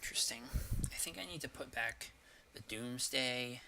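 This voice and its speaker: A man's voice: medium pitch, moderate pace, vocal fry, noisy background. A man casually commenting on his card game as he plays, thinking aloud with hesitations and the odd curse. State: has the hiccups.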